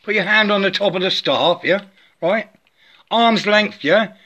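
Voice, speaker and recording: A man talks slowly into a phone in a rather high voice. He breaks into chants of wordless syllables, rambles about spiritual ideas, and keeps asking "yeah?" while he stumbles over repeated words. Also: sharp tone.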